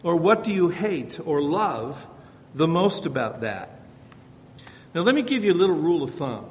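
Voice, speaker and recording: A man's voice: sing-song, normal speed. A middle-aged man giving an informal Bible-based parenting lesson, talking conversationally and repeating rhetorical questions. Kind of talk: informal teaching talk. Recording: reverberant hall with faint rumble.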